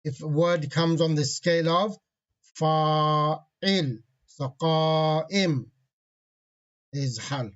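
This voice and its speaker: A man's voice: fairly high pitch, fairly bright tone. Man teaching grammar, dull lo-fi sound. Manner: patient, repeats key terms slowly; reads Arabic grammar phrases quickly. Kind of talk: online grammar lesson.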